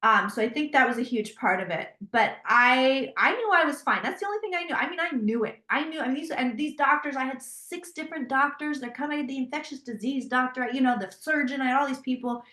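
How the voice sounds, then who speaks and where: Woman guest, animated storyteller, high voice, echoey room. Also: fairly quick, few pauses. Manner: animated, quotes herself in dialogue. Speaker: guest, psychic tarot reader. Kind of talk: storytelling in a casual interview. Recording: roomy echo.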